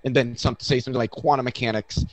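A man in a live online debate explains physics in a stop-start way, often restarting his sentences. His voice is mid-pitched and the sound is dry and close. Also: steady tone, fast talker, dry recording, low-quality recording. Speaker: debate guest.

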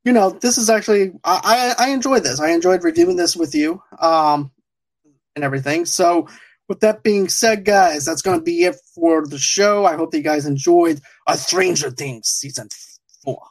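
A man's voice: fairly high pitch, moderate pace. A man hosting a podcast, reviewing a TV show in casual chat, rambling and laughing often. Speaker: podcast host.

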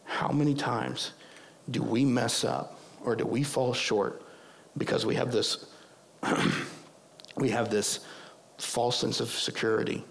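A hoarse man preaching a sermon as pastor, conversational and prone to digressing. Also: mid-range voice, level tone, slow, pauses often, a little hiss or hum. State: hoarse, losing his voice.

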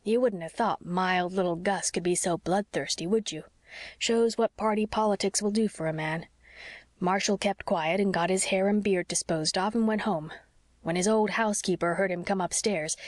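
A woman narrating a classic novel as an audiobook, in a calm, measured storytelling voice. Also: lowish voice, no room sound, clean studio sound. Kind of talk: scripted narration.

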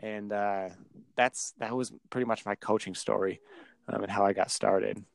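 A man who coaches fitness, co-hosting a casual podcast, talking in a relaxed way that trails off with fillers. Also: fairly low pitch, normal speed, vocal fry. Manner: relaxed, trailing off, many fillers and brief backchannels.

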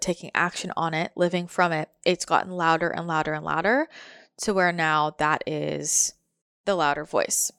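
A woman with a slightly low voice talks through a motivational monologue in a loose, reflective way. She leans on casual fillers and repeats her phrases for emphasis. The sound is close and dry, with no room around it. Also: a bit bright, clean tone, dry recording.

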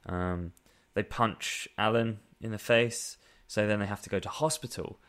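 A man's voice: on the low side, fairly even intonation, a little slow, fairly bright tone, clean tone. A man co-hosting a casual chat, wry and exasperated, often laughing as he talks. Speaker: podcast co-host. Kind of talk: casual chat reviewing a film.

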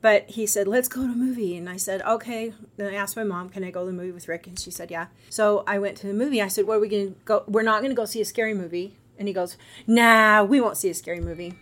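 A middle-aged woman, a guest on a podcast, telling a personal story in a casual, animated way and acting out the other people's lines. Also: mid-range voice, fast talker, hardly any pauses. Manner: animated, acts out quoted voices.

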